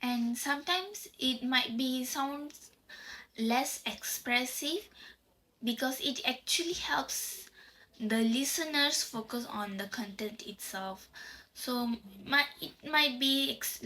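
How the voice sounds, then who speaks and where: A woman's voice: sits high, slow, pushed and bright, low-quality recording. A young woman gives a class presentation, explaining step by step and sometimes searching for words. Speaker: university student presenter.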